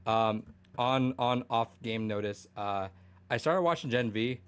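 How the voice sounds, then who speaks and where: A man's voice: medium pitch, measured pace, a bit bright, clean tone. A young man co-hosting a podcast in casual chat, rambling with many fillers, restarts and swearing. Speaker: podcast co-host.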